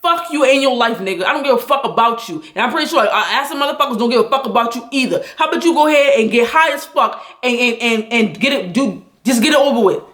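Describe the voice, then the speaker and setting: A woman angrily venting a story on a livestream, talking loud, blunt and full of profanity. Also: fairly high pitch, expressive, fast talker, hardly any pauses, roomy sound.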